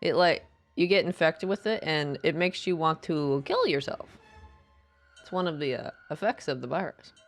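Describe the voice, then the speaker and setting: A woman commenting casually on a game stream, her lively voice rising and falling and sitting a bit low for a woman. She rambles and explains with many fillers, and faint game music plays behind her. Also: moderate pace. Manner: chatty, rambling, jumps into loud reading of lines. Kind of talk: casual gameplay commentary and reading dialogue aloud.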